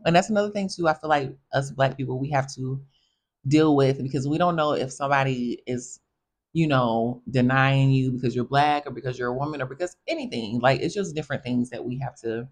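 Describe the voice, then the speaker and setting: A young woman hosting a podcast, telling casual stories in a chatty, animated way and talking straight to her listeners. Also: a bass voice. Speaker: podcast host. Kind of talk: casual storytelling monologue.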